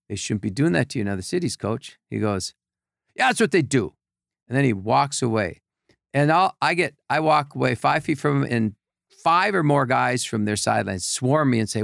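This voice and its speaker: An older man with a gravelly voice, telling rambling anecdotes as a podcast guest in casual chat. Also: medium pitch, fairly bright tone, no room sound, clean studio sound. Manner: rambling anecdotes with repeated restarts. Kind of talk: casual storytelling.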